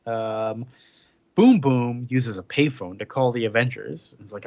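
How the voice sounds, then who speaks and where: A man's voice: mid-range voice, measured pace, darkish tone, no room sound, dull audio. A man hosting a casual podcast chat, recapping a comic plot loosely with lots of fillers. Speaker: podcast host.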